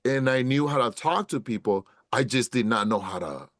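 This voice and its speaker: Man, middle-aged, animated storyteller, street slang, plain mid pitch, dry close sound. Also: moderate pace, no echo. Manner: animated storyteller, acts out quotes, says "bro" and "brother" often. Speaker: podcast guest, actor. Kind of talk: casual storytelling in an interview.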